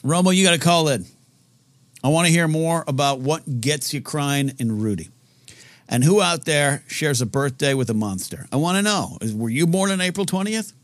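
A man hosting a live call-in show in casual chat, rambling and halting with many restarts. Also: a little high, expressive, dry recording.

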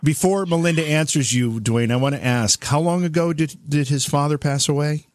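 A man's voice: on the high side, moderate pace, a little mellow, no room sound, clean studio sound. A man hosting a call-in radio show, polite and lightly joking with his guest and callers. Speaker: radio host.

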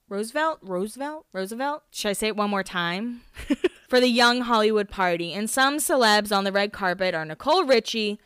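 A woman's voice: medium pitch, a bit bright, smooth, no echo, clean studio sound. A woman hosting a podcast, recapping in casual chat, rambling, swearing and laughing at herself. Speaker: podcast host.

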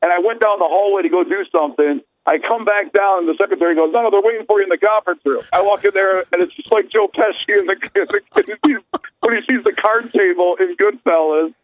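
A man's voice: sits high, a little fast, no room sound, dull audio. A man on a casual podcast telling stories, laughing and acting out the lines of other people. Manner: laughing, acts out quotes. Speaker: podcast co-host. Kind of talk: casual storytelling.

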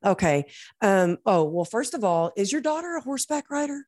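A woman's voice: medium pitch, sing-song, moderate pace, darkish tone, no echo, clean studio sound. A woman hosting an interview podcast, telling stories effusively and with a faith-tinged turn of phrase. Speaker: podcast host. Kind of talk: conversational interview.

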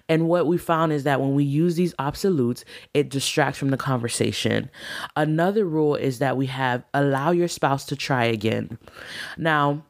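A woman's voice: a bass voice, normal speed, dry recording, studio quality. A woman teaching a class on marriage, earnest and encouraging, speaking straight to her listeners.

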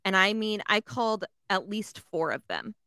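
Woman podcaster from Texas, animated storyteller, dry studio mic. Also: mid-range voice, moderate pace, clear, resonant tone, no echo. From San Antonio area, Texas. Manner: animated, swears freely, acts out other people's lines. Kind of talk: casual storytelling chat.

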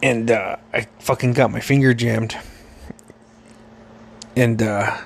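Brief: male podcast host, gravelly voice, mid-pitched, loose and profane storytelling. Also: fairly even intonation, slow, slight background noise. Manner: profane, rambling, laughing often. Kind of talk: casual storytelling.

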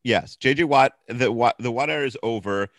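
A man's voice: medium pitch, brisk, no echo. A man co-hosting a podcast, giving dry, opinionated takes in casual sports chat. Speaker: podcast co-host.

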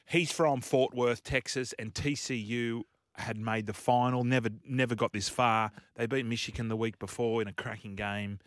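Male radio host, mid pitch, dry close studio sound, animated yarn-spinner. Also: moderate pace, few pauses, no room sound. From Australia. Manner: animated storyteller, laughing often. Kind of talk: casual chat. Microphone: studio microphone.

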